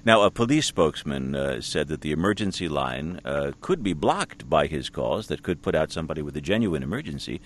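A man hosting a radio news interview, asking measured, probing questions. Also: a bass voice, expressive, a little hiss or hum. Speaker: radio host.

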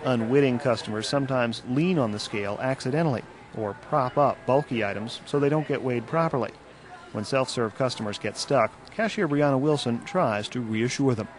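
A man reporting a radio news feature in a measured, scripted narration. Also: mid-range voice, a little hiss or hum. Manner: measured, even delivery.

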